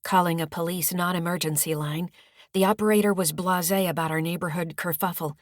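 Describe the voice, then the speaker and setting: Speaking in a calm, measured manner, a woman with a lowish voice reads a first-person audiobook as scripted narration. The sound is dry and close-miked, with no room sound at all.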